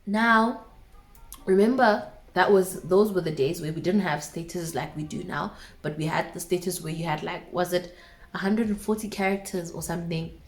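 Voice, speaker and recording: A woman's voice: on the low side, moderate pace, soft background music. A young woman in her twenties with a South African accent, casually telling a dramatic personal story to her viewers with asides. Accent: South African English.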